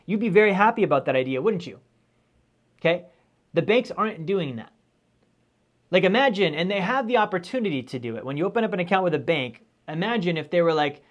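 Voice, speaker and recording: Upbeat higher-voiced man teaching finance. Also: quick pace. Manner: energetic, conversational, keeps asking "right?". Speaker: finance educator. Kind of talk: live-streamed lecture.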